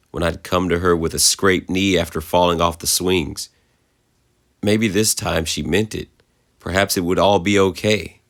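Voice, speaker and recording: A man narrating a creepypasta horror story in a measured, somber way. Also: low-pitched, a bit bright.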